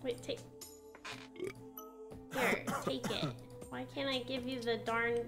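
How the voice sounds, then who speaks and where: A woman's voice: fairly high pitch, level tone, takes it slowly, over music. A woman streamer chatting casually over a simulation game, laughing often and exclaiming at what happens. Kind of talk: casual gameplay commentary.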